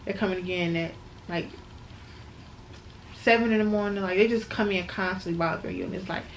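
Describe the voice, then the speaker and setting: Young woman, new mom vlogger, mid-pitch voice, chatty y'all storytelling, noisy home recording. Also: fairly quick. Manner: chatty, addresses viewers as y'all, emotional retelling. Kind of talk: casual storytelling to camera.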